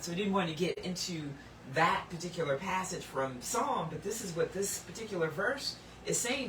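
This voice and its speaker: A woman giving sermon-style Bible teaching, earnest and emphatic, lifting some lines high and dropping others low and hushed. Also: echoey room, far from the mic, a little hiss or hum, rough recording.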